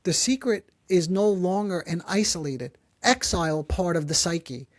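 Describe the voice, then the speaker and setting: A man hosting a psychology podcast, who explains calmly and gently and slows down to stress key phrases. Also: high-pitched, no room sound. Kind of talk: calm explanatory talk.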